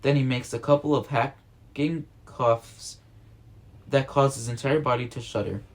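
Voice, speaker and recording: A man reading a novel aloud at a steady pace, often stumbling over a word and correcting himself. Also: medium pitch, unhurried. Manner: steady reading with frequent slips and self-corrections. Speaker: reader.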